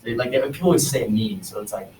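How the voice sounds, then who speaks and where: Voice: mid-range voice, expressive, fast talker, dark tone, recorded from a distance. A student in a classroom asking a hesitant question. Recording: echoey noisy room, from afar.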